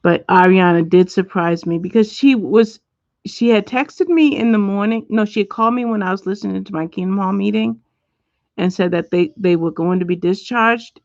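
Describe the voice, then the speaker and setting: A middle-aged woman hosting a casual livestream, chatting and reading viewer comments out loud at home. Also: mid-range voice, moderate pace, no echo. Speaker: livestream host. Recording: dull lo-fi dry sound.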